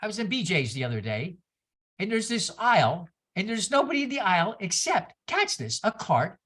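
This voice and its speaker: Animated, bright-voiced woman preaching. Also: medium pitch, moderate pace. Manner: animated storytelling, exclamations and asides to the congregation. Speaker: minister. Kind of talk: sermon. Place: church service.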